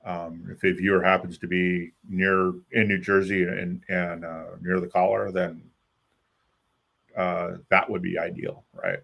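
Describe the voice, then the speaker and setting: A man co-hosting a call-in show who asks halting, skeptical questions. His voice is very deep with a gravelly rasp. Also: little pitch movement, a bit bright. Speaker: co-host. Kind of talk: casual call-in talk.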